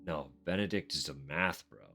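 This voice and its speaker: A man's voice: very deep voice, moderate pace, soft background music. A man streaming a game, reading the characters' dialogue aloud and breaking off to laugh and joke. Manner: reads dialogue in a flat voice, breaks into laughs and swearing. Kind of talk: let's play, reading in-game characters' lines with live commentary.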